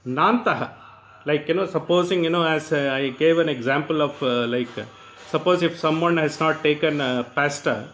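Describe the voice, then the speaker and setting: An older man delivers a spiritual discourse. His voice sits a little high. He talks unhurriedly, often says "you know", and chants verses slowly. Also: a bit bright, a little hiss or hum, rough recording. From South India. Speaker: teacher of scripture.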